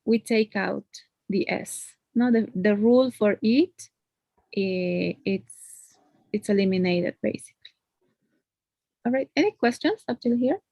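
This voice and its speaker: A woman's voice: mid-range voice, measured pace, vocal fry, long pauses, dry recording, lo-fi sound. Woman, patient grammar teacher, dry close mic, tag questions. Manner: patient, explains step by step with frequent tag questions. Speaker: English teacher. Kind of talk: one-on-one grammar lesson.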